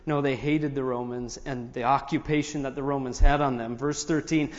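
A mid-range, steady-toned male voice at normal speed reads scripture as a pastor would, slipping in explanations between verses. Dull audio carries long reverb from a large hall.

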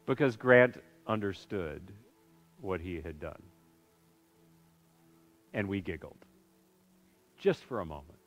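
A middle-aged man preaching through a personal story, swinging between loud bursts and hushed, low lines. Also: animated, slow, long pauses, soft background music. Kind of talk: sermon storytelling. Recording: reverberant hall, dull sound.

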